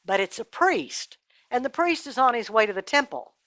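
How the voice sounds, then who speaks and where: Expressive woman telling a children's Bible story. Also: on the high side, normal speed, no echo. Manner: expressive, speaks directly to kids.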